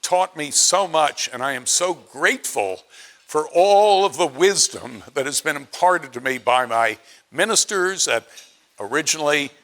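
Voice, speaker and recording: After-dinner speaker, male, late seventies, from Pennsylvania; bright, chatty, self-mocking storyteller. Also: fairly high pitch, animated, measured pace. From Pennsylvania, USA. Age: 70s. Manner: chatty, self-deprecating, acts out quotes in his stories. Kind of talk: anecdotal after-dinner speech.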